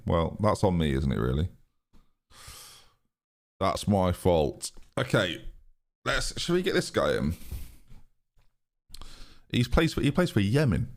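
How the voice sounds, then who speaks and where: Man, deep low voice, live game stream, chatty, excitable, laughs. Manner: excitable, chatty, talks to chat. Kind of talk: live gaming commentary.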